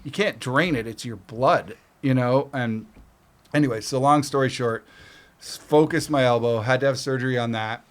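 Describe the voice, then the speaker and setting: A middle-aged man from Canada spins a casual story as a podcast guest. He curses freely and acts out what everyone said in lively quoted bits. His voice sits at an ordinary pitch. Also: normal speed. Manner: profane, animated retelling with acted quotes.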